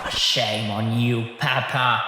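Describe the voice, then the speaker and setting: A man's voice: mid-range voice, flat delivery, slow pace, music in the background. A man narrating a scripted intro in a teasing way.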